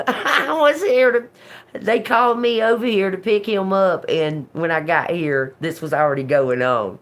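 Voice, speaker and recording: A woman hosting a tarot livestream, telling a story in a casual, animated way, swearing freely and laughing often. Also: mid-range voice, a little slow. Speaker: tarot reader livestream host.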